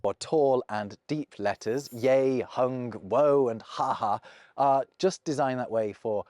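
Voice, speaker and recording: A man's voice: medium pitch, takes it slowly, a little mellow, no echo, studio quality. A man with a British received pronunciation accent giving a scripted, precise explainer narration. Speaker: language video presenter.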